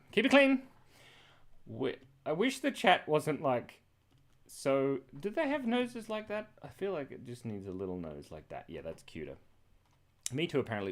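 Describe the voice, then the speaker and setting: An Australian man hosting a live drawing stream, chatting in a scattered, rambling way, laughing often and reacting to chat messages. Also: mid-range voice. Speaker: livestream host drawing and reading chat.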